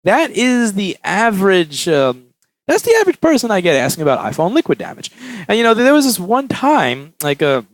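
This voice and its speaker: A man who owns a repair shop talks to camera in a casual vlog monologue. He tells stories animatedly with a lively, swinging pitch and a slightly raised voice, and the sound is dry and close. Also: normal speed, dry recording. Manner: animated storytelling, acts out quotes.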